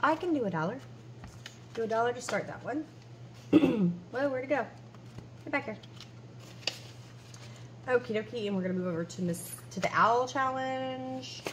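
A woman's voice: on the high side, animated, moderate pace, pauses often, a little hiss or hum. A woman in her forties chatting casually at home as she counts cash aloud and talks to herself between numbers. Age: 40s. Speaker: budgeting vlogger.

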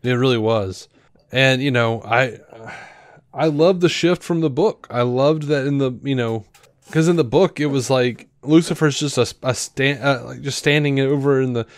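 A man co-hosting a podcast, talking through a show review in a rambling, animated way with lots of fillers and restarts. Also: mid-range voice, moderate pace, no room sound. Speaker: podcast co-host. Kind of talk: casual review chat.

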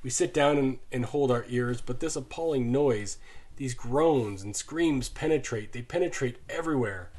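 A man reading a novel aloud as an audiobook narrator, measured and sinking low and soft in grim passages.

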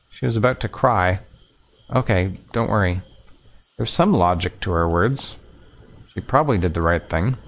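A man reading a visual novel aloud in first person. He keeps a measured pace and now and then stumbles over a word and restarts. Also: fairly low pitch. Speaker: let's play narrator.

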